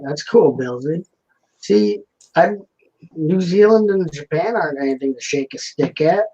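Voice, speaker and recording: A man's voice: on the high side, expressive, unhurried, warm tone, husky, lo-fi sound. A man hosting a live building stream, chatting casually and jokingly while reading out viewer comments.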